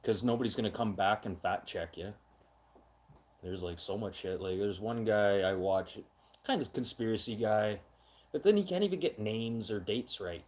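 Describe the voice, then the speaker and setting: A middle-aged man hosting a casual live chat, talking loudly and with heavy emphasis, getting excitable when he has an opinion. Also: lowish voice, normal speed. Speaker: live stream host.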